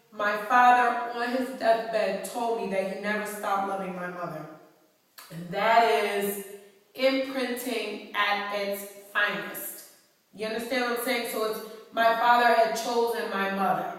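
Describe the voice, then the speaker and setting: A woman from New York, an author speaking to her fans, talking bluntly and heatedly with plenty of profanity on a phone camera mic. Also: medium pitch. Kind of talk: blunt personal monologue. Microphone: iPhone camera mic. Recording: echoey hall, far from the mic.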